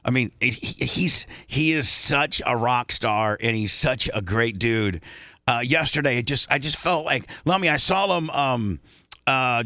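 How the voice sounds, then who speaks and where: A man's voice: lowish voice, bright, forceful tone, dry recording, studio quality. A man hosting a radio talk show, telling stories in a rambling way with lots of restarts. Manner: rambling storyteller with many restarts.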